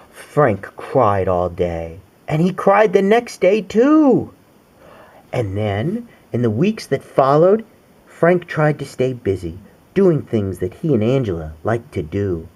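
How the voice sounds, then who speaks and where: A man reads a picture book aloud to his young daughter, playful and sing-song, sprinkling in animal noises and asking her questions as he goes. His medium-pitched voice has a darkish tone, and he takes it slowly.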